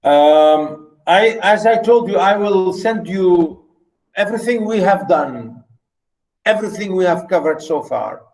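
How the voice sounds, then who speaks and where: Older man lecturing slowly, emphatic. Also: sits high, lively intonation, a little mellow, rough recording. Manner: emphatic, repeats phrases, restarts often. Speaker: literature lecturer. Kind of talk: university lecture.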